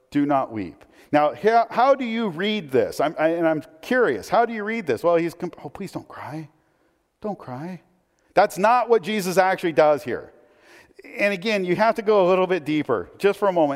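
Animated male preacher in a reverberant hall. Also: high voice. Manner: animated, conversational preaching with asides. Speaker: pastor. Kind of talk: sermon.

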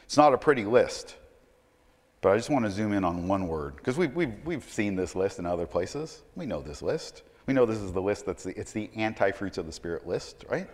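A male pastor preaching a sermon, swinging between loud emphatic stretches and quiet low asides, often repeating words as he starts a sentence. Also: big pitch swings, brisk, big-room sound.

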